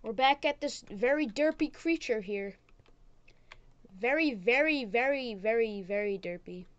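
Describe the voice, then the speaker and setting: Goofy high-voiced woman narrating her game. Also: lively intonation, unhurried, clean tone, no echo, lo-fi sound. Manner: goofy and chatty, jumping between mutters, whispers and sudden squeals. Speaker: gaming channel host. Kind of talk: casual let's-play commentary. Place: at home.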